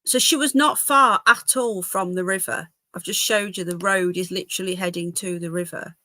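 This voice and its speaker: A woman's voice: fairly low pitch, fairly even intonation, normal speed, bright, forceful tone, no room sound. A woman hosting a casual live stream from home, chatting to viewers and her dogs. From England. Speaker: livestream host. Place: home, indoors.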